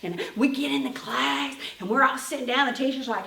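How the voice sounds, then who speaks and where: A woman telling a story in first person as a schoolgirl character, in a folksy, animated country dialect. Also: sits high, moderate pace, creaky. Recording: roomy, from a distance.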